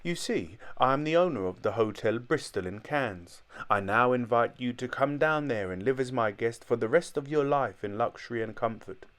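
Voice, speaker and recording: A man voicing a smooth, wealthy hotel owner who coaxes and persuades in a silky salesman's patter. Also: medium pitch, animated, normal speed, few pauses, fairly bright tone, natural voice. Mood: coaxing.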